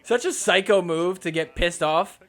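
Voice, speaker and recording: Sarcastic high-voiced male sports podcaster. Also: moderate pace, fairly bright tone. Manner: sarcastic, mocking voices of players. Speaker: podcast host. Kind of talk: comedic sports recap commentary.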